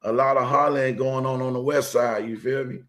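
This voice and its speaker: A man who is a guest on a podcast, loud, playful and full of energy. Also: medium pitch, steady tone, fairly quick. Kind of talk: casual podcast chat.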